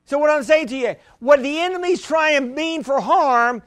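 Male pastor, very high voice, dry close sound, emphatic sermon delivery with repeated words. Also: normal speed, a bit bright, dry recording.

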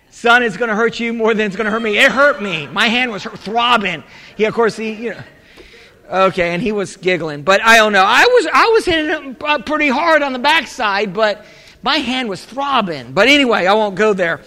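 High-voiced pastor in a reverberant hall. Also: male voice. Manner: rambling storytelling with laughs and asides; bursts into shouted exclamations. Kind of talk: sermon. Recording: long reverb in a large hall.

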